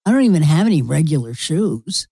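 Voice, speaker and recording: Her voice is deep and mellow, slightly rough with vocal fry, swinging widely in pitch at a fairly quick clip, with no echo. This Florida resident, a middle-aged woman, hosts her own podcast, telling blunt, meandering, occasionally profane stories in a casual monologue.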